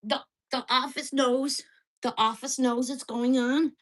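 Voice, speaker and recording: A woman's voice: high-pitched, steady tone, a little slow, a bit bright. A woman in her sixties, venting to camera at home in an agitated, swearing rant. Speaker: vlogger. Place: at home in a mobile home park.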